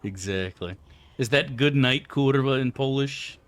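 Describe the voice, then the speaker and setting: A man's voice: medium pitch, a little slow. A man streaming a game, chatting loosely with his viewers and swearing freely. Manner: loose and rambling, swears freely, answers chat aloud. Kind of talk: casual live-stream chat.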